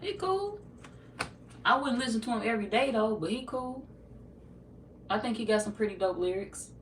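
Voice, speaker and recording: A woman's voice: on the high side, fairly quick. A young woman with a St. Louis accent, chatting casually with her livestream viewers, loose, profane and joking. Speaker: tarot livestream host. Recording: roomy, distant from the mic, light noise.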